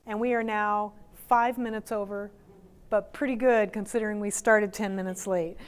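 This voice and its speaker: A woman speaking at a conference on crisis response, explaining clearly and confidently as she wraps up her session. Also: medium pitch, steady tone, normal speed, a little hiss or hum. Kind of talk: closing a conference presentation.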